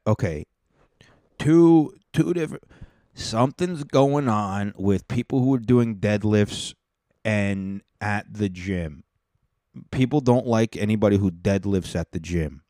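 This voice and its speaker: Podcast guy riffing on clips, low mellow voice, swears a lot, dry sound. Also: no echo. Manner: profane, laid-back, chuckling. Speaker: podcast host. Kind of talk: casual reaction commentary.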